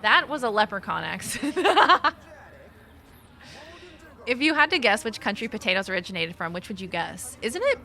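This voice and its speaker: A woman's voice: medium pitch, big pitch swings, quick pace, hardly any pauses, bright, forceful tone. A woman streaming a video game, chatting casually, laughing often and swearing freely. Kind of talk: casual chat while gaming.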